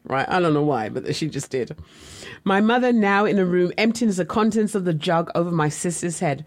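A woman's voice: mid-range voice, lively intonation, brisk. A woman telling her own life story in a candid, reflective, conversational way, as an author looking back on her childhood. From West Indian family. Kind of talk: personal memoir storytelling.

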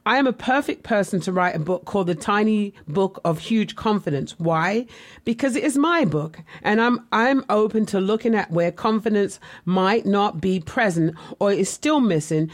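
A woman's voice: medium pitch, moderate pace. A woman telling her own life story in a candid, reflective, conversational way, as an author looking back on her childhood. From West Indian family. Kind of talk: personal memoir storytelling.

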